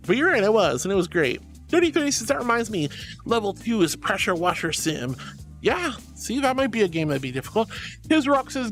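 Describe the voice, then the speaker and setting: A woman streaming, chatting casually and reading viewers' messages aloud, swinging between soft low musing and high excited squeals. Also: moderate pace, soft background music.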